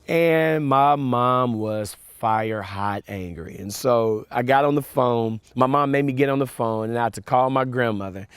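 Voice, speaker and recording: A man giving a storytelling sermon to young listeners, animated with fillers and repeats, dropping soft and quiet for reflection. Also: mid-range voice, moderate pace, hardly any pauses, smooth, no echo. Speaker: camp speaker.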